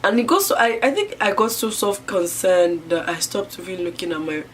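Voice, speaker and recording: A young woman with a mid-range voice tells a personal story to camera. She rambles, leaning on constant fillers. She shifts between loud, excited stretches and soft, almost whispered asides. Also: mid-range voice, normal speed, a little hiss or hum. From Niger. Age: young adult. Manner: rambling, filler-heavy, swinging between loud outbursts and hushed near-whispers. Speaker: vlogger.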